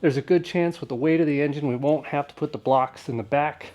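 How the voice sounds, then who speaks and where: A man's voice: a little high, brisk, darkish tone, muffled recording. A man talking casually and wryly to the camera while working on an old truck in a garage vlog. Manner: laid-back and wry, with offhand jokes.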